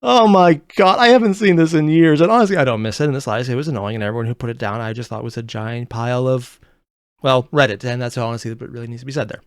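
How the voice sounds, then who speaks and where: A man's voice: mid-range voice, clear, resonant tone, dry recording, studio quality. Young man rambling in a reaction video. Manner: rambling, unsure, talks fast in bursts. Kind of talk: casual reaction commentary.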